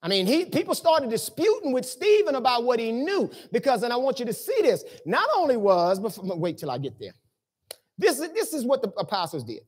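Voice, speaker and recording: A man's voice: very high-pitched, wildly swooping pitch, a little fast, slightly rough. A man pastor from the preaching a sermon in church, in a talky, colloquial way full of rhetorical questions. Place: church sanctuary.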